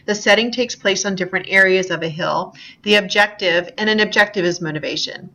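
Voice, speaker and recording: A woman's voice: medium pitch, a little fast, few pauses, sharp tone. A woman teaching an English class in a recorded online lecture, talking casually with frequent ums and small apologies. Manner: chatty, self-deprecating, many ums. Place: screen recording at a computer.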